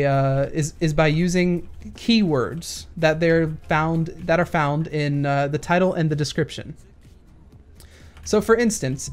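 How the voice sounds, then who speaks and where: This gaming YouTuber has a high-leaning, darkish voice and rants casually through a Q&A while playing a shooter. He rambles, restarts his sentences often, and leans on analogies to explain things.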